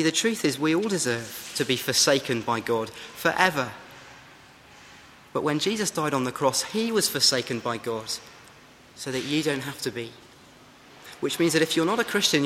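Earnest preacher in a hall. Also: male voice, mid-range voice, fairly bright tone. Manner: earnest, exhorting, with rhetorical questions. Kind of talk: sermon. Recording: long hall reverb, faint background hum.

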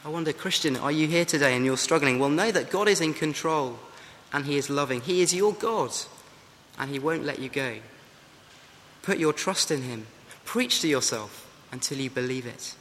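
Earnest preacher in a hall. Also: male voice, a little high, animated, moderate pace, fairly bright tone. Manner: earnest, exhorting, with rhetorical questions. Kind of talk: sermon. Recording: long hall reverb, faint background hum.

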